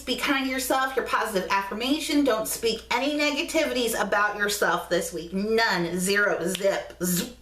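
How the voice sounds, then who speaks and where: A chatty, affectionate woman talks straight to her viewers in a casual motivational vlog. Her voice sits a little high. The room around her rings with echo. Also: fairly bright tone. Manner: chatty and affectionate, coos at her dog in baby talk. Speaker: vlog host.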